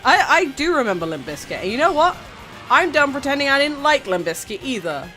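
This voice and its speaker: Giggly, lively-voiced woman streamer. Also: sits high, fairly quick. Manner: rambling, giggly, stammering restarts. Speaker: VTuber streamer. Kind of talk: casual stream chat. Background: faint background music.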